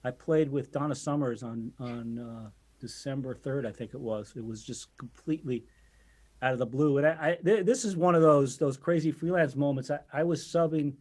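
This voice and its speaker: A man, the guest drummer, telling casual stories in a podcast interview, talking in halting bursts with many restarts and fillers. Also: mid-range voice, darkish tone, soft background music.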